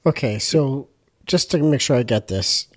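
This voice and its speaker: A man's voice: mid-range voice, lively intonation, a little slow, no echo. A man hosting a podcast interview, recapping his guest's story in a casual manner. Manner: brief listening backchannels and recaps. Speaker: podcast host.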